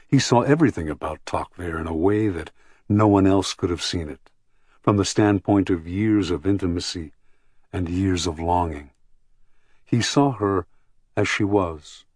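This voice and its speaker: Deep, husky male audiobook narrator. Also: no echo, studio quality. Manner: measured, even storytelling.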